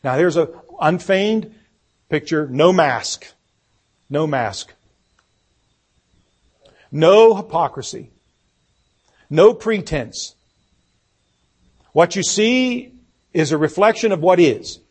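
Male preacher, sermon delivery, husky tone, pitched a bit high. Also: expressive, takes it slowly, long pauses. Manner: reads scripture aloud, repeats key words for emphasis.

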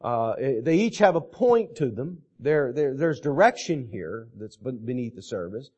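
A middle-aged man preaching a sermon on a Psalm, reading verses aloud and repeating key phrases slowly for emphasis. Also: mid-range voice, very animated, darkish tone, dull audio. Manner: slow and deliberate, repeating scripture phrases for emphasis.

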